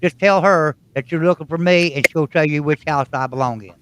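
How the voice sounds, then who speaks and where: A man's voice: fairly high pitch, brisk, background noise. A man with a West Virginia Appalachian accent, hosting a casual chat and telling rambling, folksy stories. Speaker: host.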